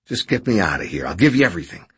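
A man voicing a desperate, injured man who pleads and complains in a rushed, fretful way, raised well above his own low voice. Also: big pitch swings, fairly bright tone, breathy edge, heavily acted. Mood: pleading.

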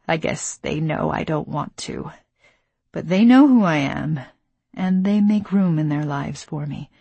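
A woman voicing a steely young woman who talks quietly and close to breaking. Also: sits low, animated, a little slow, creaky, slightly rough, no echo, full character voice. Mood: sorrowful. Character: steely young woman confessing her past.

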